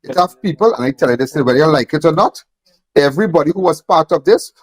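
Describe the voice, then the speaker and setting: A man's voice: a little high, lively intonation, fast talker, no room sound. A man speaking emphatically, repeating phrases and firing off rhetorical questions. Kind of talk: impassioned on-camera talk.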